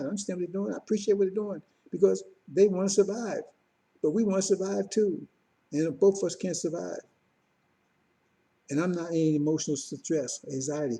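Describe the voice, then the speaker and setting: Here a man preaches to his congregation in an informal, repetitive, conversational way, peppering his talk with "see?" and "you understand?". As a religious teacher, he has a mid-range voice that's dark and husky.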